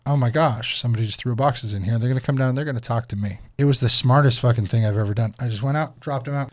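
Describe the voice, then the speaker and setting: A man in his thirties telling a road trip story to camera as a vlogger and father, swearing freely and acting out what people said. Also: medium pitch. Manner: profane, animated, acts out quotes. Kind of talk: casual storytelling.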